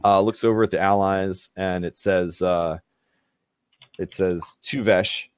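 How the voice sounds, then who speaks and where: A man narrating a tabletop game as game master in a relaxed, rambling way with many fillers. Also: low-pitched, slow, clean tone, no echo, studio quality.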